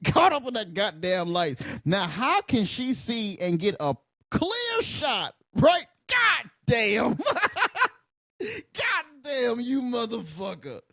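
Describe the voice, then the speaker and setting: A man hosting a film reaction video, talking over the scenes, swearing freely and bursting into loud laughter. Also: extremely high pitch, huge pitch swings, slow pace, creaky, no echo, clean studio sound. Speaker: channel host.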